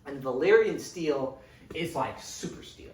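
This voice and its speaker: A man's voice: a little high, measured pace, slight background noise. Rambling young man recapping a story. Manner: rambling, animated, peppered with "like" and "right?". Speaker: lecturer. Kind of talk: casual book recap. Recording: echoey room, distant mic.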